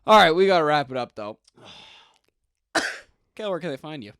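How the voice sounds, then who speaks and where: A man's voice: fairly high pitch, big pitch swings, moderate pace, fairly bright tone, smooth, dry recording, studio quality. A young man co-hosting a podcast, bantering casually, swearing freely and laughing often. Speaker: podcast co-host.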